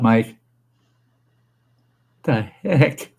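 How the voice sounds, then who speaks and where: Gravelly folksy man telling stories. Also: fairly low pitch, measured pace, darkish tone. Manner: folksy, rambling, swears casually, laughs often. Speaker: livestream host. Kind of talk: casual chat and storytelling. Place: room at home where he smokes.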